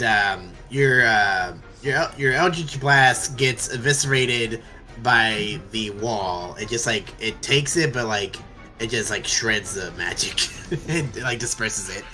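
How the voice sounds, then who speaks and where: Bright-voiced man running a tabletop game. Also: lowish voice, soft background music. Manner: halting, full of fillers, counts movement aloud. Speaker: game master.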